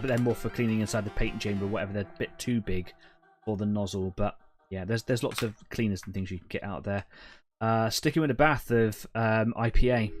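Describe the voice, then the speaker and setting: A man, hosting a live painting stream in a rambling, chatty way with lots of fillers. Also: medium pitch. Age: 30s. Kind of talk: casual live-stream chat. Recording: faint music behind.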